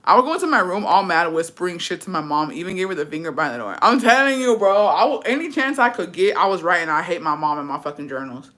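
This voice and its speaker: A woman's voice: on the low side, lively intonation, fast talker, hardly any pauses, fairly bright tone. A young woman streaming, chatting casually and reading comments aloud, profane and sassy, laughing often. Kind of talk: casual live-stream chat.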